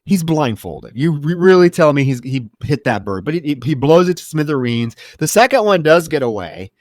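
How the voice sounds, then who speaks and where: A man co-hosting a podcast, recounting a film in a casual, wry, expressive way. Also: on the high side, normal speed, no room sound, studio quality. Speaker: podcast co-host. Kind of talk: casual film review chat.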